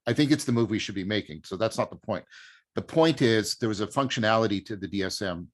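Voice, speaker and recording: A man's voice: on the low side, fast talker. A man hosting an academic discussion, thinking aloud and searching for his words as he poses a question. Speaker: host.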